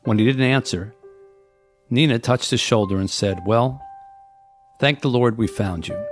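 Faint music plays behind a man with a mid-range voice as he reads the start of his own novel. Afterward he explains the premise, earnest and measured like a storyteller.

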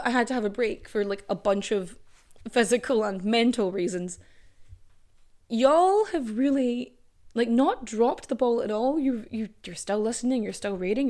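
A young woman hosts a solo podcast in a casual monologue, her voice fairly high and a little mellow. She's chatty and full of jokes, swears freely, and slips into playful asides.

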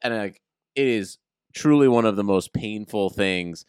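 A man's voice: lowish voice, a little slow, darkish tone, smooth, no echo, clean studio sound. A man co-hosting a podcast, chatting casually with sarcastic jokes. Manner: sarcastic, joking. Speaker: podcast co-host. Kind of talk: casual chat.

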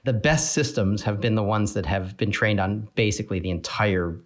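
Male expert interviewee, fairly low voice, hesitant and filler-heavy. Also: moderate pace. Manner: hesitant, uses many fillers. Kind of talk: explanatory interview clip.

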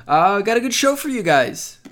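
A young man runs a casual sports podcast with an upbeat, joking manner. His voice sits a bit high for a man, and he rattles through sponsor reads and show plans in a friendly, easy chat. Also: very animated, moderate pace, fairly bright tone. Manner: upbeat, reads ad copy, jokes around. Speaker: podcast host.

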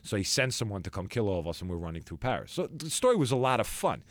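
A young man, a guest actor, telling stories in a casual podcast chat, acting out quotes with big jumps in pitch. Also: quick pace, no room sound. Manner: animated storyteller who acts out quotes with big pitch jumps.

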